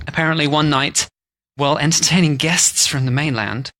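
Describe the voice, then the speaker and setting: A man's voice: on the high side, fairly even intonation, normal speed, pushed and bright. A man co-hosting a podcast, telling drink history stories in casual chat with playful jokes. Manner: playful storytelling, mock-posh impressions. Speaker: podcast co-host.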